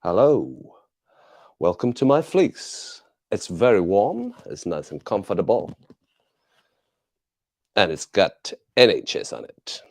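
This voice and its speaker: A chatty English man hosts a casual live chat from his desk at home, talking over his clip-on mic. His voice sits on the low side, and he rambles from joke to aside, laughing as he goes. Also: huge pitch swings, slow, pauses often. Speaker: livestream host.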